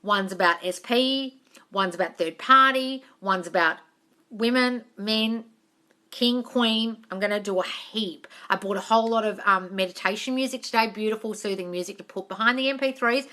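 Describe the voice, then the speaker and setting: Woman, bright tone, casual live-stream host, affectionate, repetitive, reads comments aloud. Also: medium pitch, normal speed. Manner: repetitive, affectionate, calls viewers darling; reads viewer comments aloud and answers them. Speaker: manifesting coach answering live questions.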